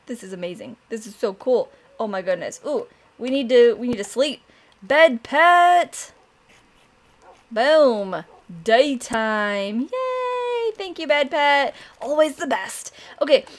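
A bubbly young woman talks through her gameplay in casual let's-play commentary. Her voice sits high and swoops widely, jumping into excited squeals and delighted gasps. She chats easily and openly to her viewers. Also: a little slow. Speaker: gaming channel host.

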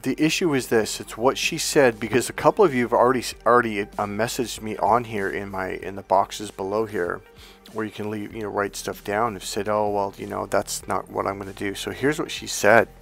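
A man working as a dating and relationship coach, telling an unscripted story in an energetic, earnest way with rambling restarts. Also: on the low side, brisk, gravelly, faint music behind.

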